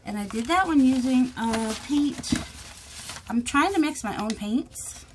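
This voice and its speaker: A woman's voice: high voice, lively intonation, measured pace, slight background noise. A woman hosting her crafting channel, rambling and self-deprecating, chatting casually as she shows her work. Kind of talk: casual chat.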